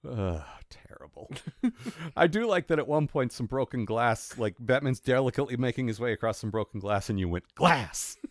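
A man's voice: mid-range voice, fairly quick, no echo, studio quality. A man co-hosting a podcast in casual chat, rambling and wry, full of fillers and restarts. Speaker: podcast co-host.

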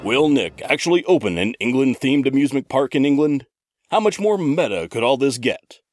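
Sarcastic guy narrating, bouncy pitch, dry close sound. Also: no echo. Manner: sarcastic, exasperated. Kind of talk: comedic narration.

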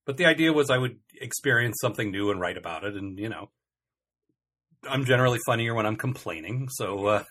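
A man's voice: on the low side, expressive, brisk, sharp tone. A man co-hosting a comedy podcast, chatting casually in a rambling, self-interrupting way with dry, complaining humor. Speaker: podcast co-host.

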